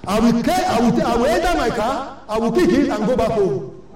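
In a large church hall, recorded from a distance with plenty of echo, an older Nigerian-accented church elder delivers an exhortation. She scolds emphatically and repeats herself, her fairly high voice expressive, a little fast, and a little mellow.

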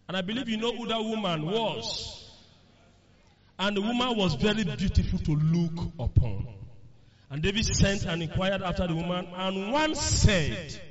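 A man preaching a sermon in a church, asking the congregation questions and answering them himself. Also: high-pitched. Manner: animated preaching with call-and-response questions. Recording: lo-fi recording with congregation behind.

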